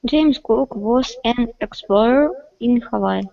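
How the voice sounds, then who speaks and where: A woman's voice: a little high, takes it slowly, vocal fry, no echo, muffled recording. A woman whose native language is Russian, answering hesitantly in English as a student and searching for words.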